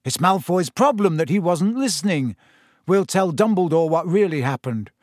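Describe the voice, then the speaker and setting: Male narrator as a pointed, determined teen boy, slightly higher, storybook. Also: lively intonation, moderate pace, no echo, studio quality. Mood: firm. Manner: pointed, firm. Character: determined, pointed teenage schoolboy.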